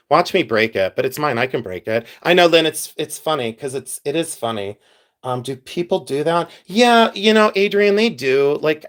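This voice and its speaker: A man talks casually on a live stream, chatting with viewers and answering their comments as they come in. His humor is playful and self-mocking, and his voice sits a little high for a man. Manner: chatty, animated, reads and answers chat. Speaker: livestream host sorting jewelry.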